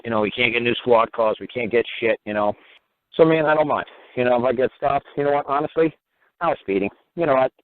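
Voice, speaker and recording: A man's voice: medium pitch, fast, no echo. A man hosting a radio talk show, rambling and profane, who keeps repeating "you know what". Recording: narrow phone-like radio audio.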